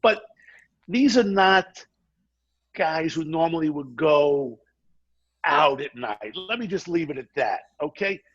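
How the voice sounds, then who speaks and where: A middle-aged man, a guest on a podcast, telling a story in a fast, energetic way and acting out quotes. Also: a little high, slightly rough, lo-fi sound. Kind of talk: animated storytelling.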